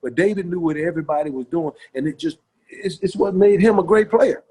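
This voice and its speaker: Husky-voiced man telling football stories. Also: sits high, lively intonation, a little fast, mellow. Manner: folksy, repeats himself, lots of "you know". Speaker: podcast guest, former pro football linebacker. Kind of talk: casual storytelling interview.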